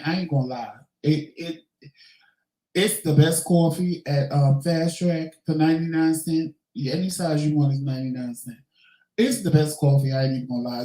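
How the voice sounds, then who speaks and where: Mellow-voiced man chatting candidly. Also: mid-range voice, echoey room, rough recording. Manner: candid, chatty, swears casually. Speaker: vlogger host. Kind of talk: casual Q&A chat.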